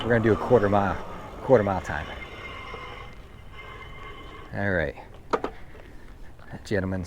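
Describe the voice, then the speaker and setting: An older man vlogging casually while riding an e-bike around a track outdoors, chatty and self-deprecating, a little out of breath. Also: fairly low pitch. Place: outdoors on a high school track. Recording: outdoor noise, wind and traffic.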